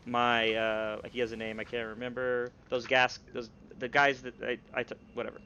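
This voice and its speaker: A man narrating as game master, halting and searching for words as he voices a dwarf king. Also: medium pitch, little pitch movement, pushed and bright. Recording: slightly dull stream audio with faint hum.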